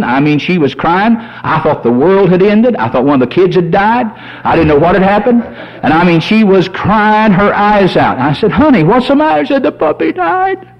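Animated folksy preacher. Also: male voice, on the high side. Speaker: pastor. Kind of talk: sermon. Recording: dull lo-fi sermon recording.

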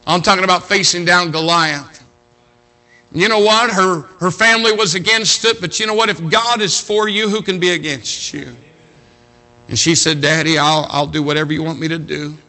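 A middle-aged man preaching a sermon to young people, telling a story dramatically and swinging between loud appeals and hushed passages. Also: sits high, normal speed.

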